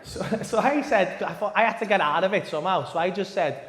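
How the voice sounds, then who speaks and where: A young man doing stand-up storytelling, animated, swearing constantly and laughing through his lines. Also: high-pitched, fast talker, roomy sound, big-room sound. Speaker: stand-up comedian. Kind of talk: stand-up storytelling, then casual chat. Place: live venue stage.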